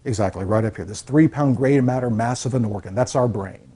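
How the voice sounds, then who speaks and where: Counselor guy talking to a class, mellow husky voice, earnest, keeps asking "okay?". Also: mid-range voice, fairly quick. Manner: earnest, repeats key points, checks in with "okay?". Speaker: college counselor. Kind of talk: classroom talk to students.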